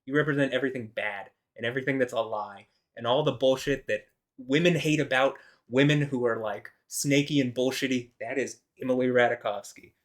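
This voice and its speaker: A man's voice: mid-range voice, steady tone, a little fast. A man rambling in an indignant solo commentary, full of filler words and restarts. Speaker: video host.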